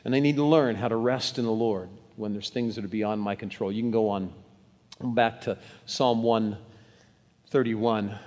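A man's voice: mid-range voice, a little mellow. Man preaching in a reverberant sanctuary. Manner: reads scripture aloud, urges congregation to read along. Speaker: pastor. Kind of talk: sermon. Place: church sanctuary. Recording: long hall reverb.

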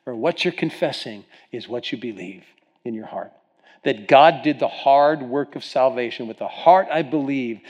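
A middle-aged man from Ohio preaching a sermon, telling stories earnestly with frequent restarts and stammers. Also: medium pitch. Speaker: pastor.

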